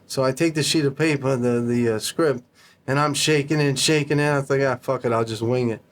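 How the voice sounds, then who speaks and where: This man is a podcast guest spinning an anecdote in casual talk. He swears freely and slips into the voices of the people he quotes. His pitch sits in an ordinary middle range. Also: a little fast. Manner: animated, profane, acts out dialogue. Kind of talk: casual storytelling.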